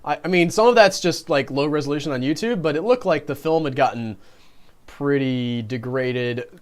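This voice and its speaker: A man's voice: fairly high pitch, moderate pace. A man co-hosting a live-streamed movie review podcast in casual chat, talkative and self-deprecating, often laughing. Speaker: podcast co-host.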